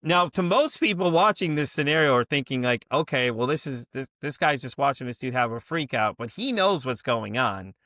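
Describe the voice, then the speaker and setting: A man hosting a podcast interview, telling a story in a rambling, animated way with many restarts. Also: mid-range voice, normal speed, hardly any pauses, no echo, studio quality. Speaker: podcast host. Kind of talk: casual interview chat.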